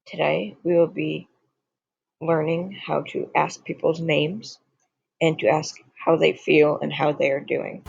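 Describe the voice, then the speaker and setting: A man's voice: a little high, little pitch movement, creaky, slightly rough, no room sound, muffled recording. A young man teaching a beginner lesson from slides, patient and repetitive as he drills each word. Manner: slow, patient, repeats words for drill. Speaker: language teacher. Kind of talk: slide-based lesson narration.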